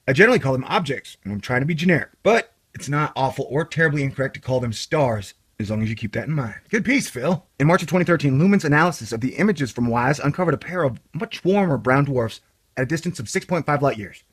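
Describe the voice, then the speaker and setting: A man's voice: medium pitch, lively intonation, quick pace, slightly rough. A man hosting a casual commentary video, reading an article aloud with sarcastic, rambling, jokey asides. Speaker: video host.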